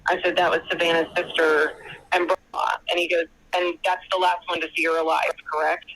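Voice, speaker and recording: A woman's voice: on the low side, flat delivery, a little fast, a bit bright, low-quality recording. A woman calling in to a show by phone, chatting and retelling a long conversation as she quotes others at length. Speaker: caller. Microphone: phone call.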